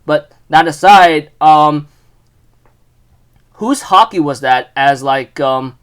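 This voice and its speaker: A young man casually recapping a manga chapter, rambling with lots of fillers and restarts, getting excitable. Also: a little high, takes it slowly, smooth.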